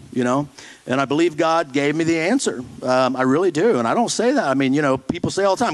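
Blunt folksy preacher man, higher voice. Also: animated, brisk, rough recording. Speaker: pastor. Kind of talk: sermon.

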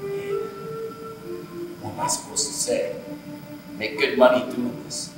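An actor performing a wry, conversational storytelling monologue live on a theatre stage. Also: male voice, medium pitch, wildly swooping pitch, a little slow, music in the background. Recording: live theatre, distant and echoey.

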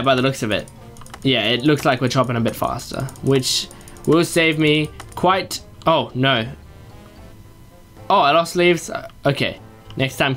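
Guy narrating his gameplay, rambles to himself, squeaks up high when excited, middle pitch, faint music behind. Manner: chatty, talks to himself and jumps to excited high yelps. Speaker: gaming YouTuber. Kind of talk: Let's Play commentary.

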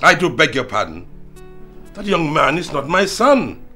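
A defensive doctor. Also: male voice, fairly high pitch, big pitch swings, unhurried, bright, forceful tone, faint music behind, full character voice. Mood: curt. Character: defensive man accused of shielding a young man. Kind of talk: Nollywood film acting.

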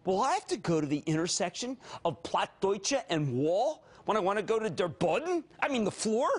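A man in his fifties with a Philadelphia accent, hosting a high-energy financial TV show, theatrical and given to sudden shouts and quick jokey asides. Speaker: TV market commentator.

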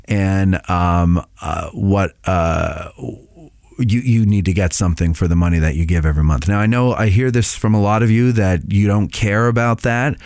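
A man's voice: deep voice, moderate pace, gravelly, a little mellow, dry recording, clean studio sound. A podcast host giving a casual update on his show, rambling with many filler sounds and restarts.

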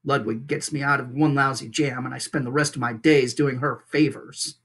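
A teacher reading aloud and voicing a grumpy, stubborn male beaver who mutters in a lower, quieter voice. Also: fairly even intonation, normal speed, slightly rough.

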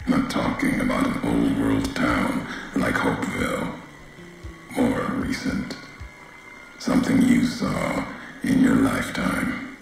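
An actor playing a grim, weary wasteland courier in a video game, speaking in a raspy, deep voice with slow, clipped, terse sentences. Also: male voice, steady tone, very echoey, soft background music, full character voice.

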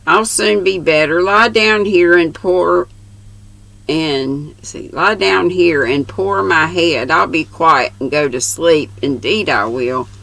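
An older woman voicing Beth, a gentle, frail young girl, in a storybook reading. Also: low voice, slow pace, creaky, heavily acted, low-quality recording.

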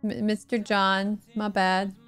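A woman streamer chatting excitedly over voice chat during a social deduction game, laughing often. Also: mid-range voice, takes it slowly, clean tone, faint music behind.

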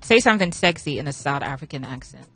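A woman hosting a radio interview, firing off upbeat quick questions. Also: sits low, lively intonation, over music. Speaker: radio host. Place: radio studio.

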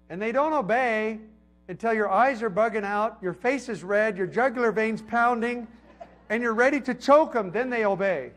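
A middle-aged man preaching a sermon in a conversational way, building to emphatic peaks and then dropping low and quiet. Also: normal speed. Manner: conversational preaching with emphatic swells and soft drops.

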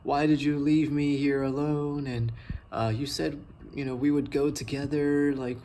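A man's voice: a little high, flat delivery, unhurried, mellow, slight background noise, voice pushed up. A young man voicing his doting elderly grandmother, pleading and fussing in a raised voice. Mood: quoting grandma.

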